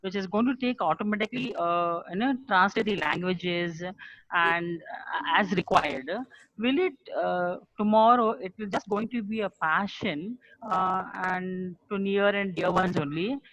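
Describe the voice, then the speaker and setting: A man's voice: high-pitched, unhurried, fairly bright tone, no room sound. Hesitant man, dull audio. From India. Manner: hesitant, many fillers and restarts. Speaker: training manager asking a question. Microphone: computer mic on a video call.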